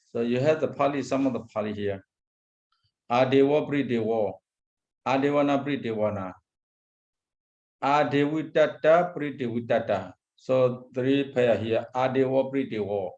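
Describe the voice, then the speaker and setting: A man teaching as a Buddhist monk, lecturing on a Pali text, repeating terms and pausing often. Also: mid-range voice, a little mellow, muffled recording. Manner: slow, repeats Pali terms, frequent hesitations.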